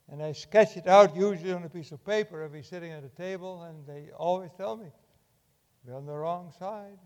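An older man preaching a sermon in a church, impassioned, swinging from loud urging to hushed tones. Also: high voice, normal speed, long reverb tail.

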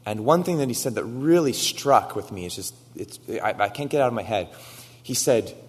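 A man's voice: medium pitch, lively intonation, normal speed, breathy edge. A man preaching a sermon, telling a story with quoted dialogue and building to emphatic exhortation. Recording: long hall reverb.

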